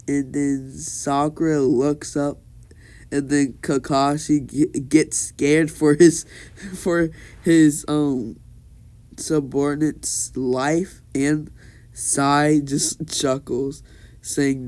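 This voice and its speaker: A young man narrates a made-up fan story at a slow, unhurried pace, rambling through ums and restarts. His voice is mellow and dark in tone, sitting a bit high for a man. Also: flat delivery. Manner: rambling, many fillers and restarts, laughs at own jokes.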